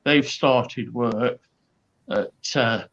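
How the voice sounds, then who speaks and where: A man's voice: mid-range voice, very slow, a bit bright. An older man, a comedian guest, telling chatty anecdotes and acting out the people in them. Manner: chatty storyteller, acts out quoted voices. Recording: dull lo-fi sound.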